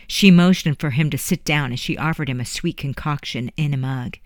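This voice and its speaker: An audiobook narrator reading a historical story in a measured, dramatic way. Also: mid-range voice, no room sound, clean studio sound. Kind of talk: scripted narration.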